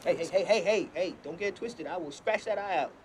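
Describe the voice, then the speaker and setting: A man's voice: high-pitched, brisk, a little mellow, a little hiss or hum, close to an everyday voice. A man playing a cocky, taunting male house cat who meows to win back his owner and threatens a rival in an indie comedy short. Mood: threatening. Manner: cocky, taunting, mock meowing.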